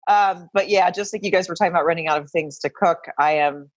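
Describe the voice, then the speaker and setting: A woman's voice: fairly low pitch, quick pace, dry recording, lo-fi sound. A middle-aged woman from Arkansas, chatting as a podcast guest in a self-deprecating way, with many trailing restarts. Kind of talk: casual podcast chat.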